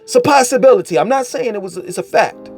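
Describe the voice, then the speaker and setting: A man with a high, lively voice rants straight to camera in a casual commentary. His delivery is animated and profane, swinging between mockery and insistence. His pitch leaps around constantly. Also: quick pace, faint music behind. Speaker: vlogger.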